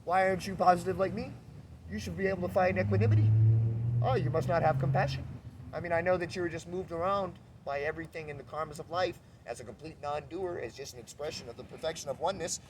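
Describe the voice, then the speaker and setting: Spiritual teacher, male, slightly high voice. Drifts between hushed and loud, mocking bits. Faint outdoor street hum. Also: fast talker, far from the mic. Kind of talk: spiritual monologue.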